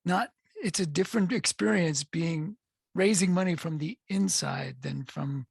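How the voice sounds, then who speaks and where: Brief: male podcast host with a heavily gravelly voice, rambling and halting. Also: on the high side, no echo, studio quality. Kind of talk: casual interview.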